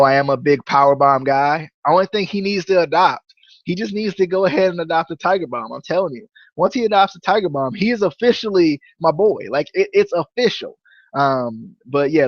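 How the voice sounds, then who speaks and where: A young man hosting a casual wrestling review podcast, rambling and stammering, often repeating words when he gets excited. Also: a little high, brisk, no echo, dull audio. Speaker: podcast host.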